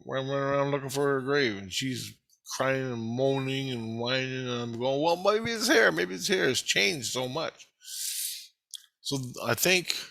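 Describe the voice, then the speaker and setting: A man's voice: mid-range voice, bright, forceful tone. A man talking in a rambling personal video monologue, heated and heavily profane. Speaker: vlogger.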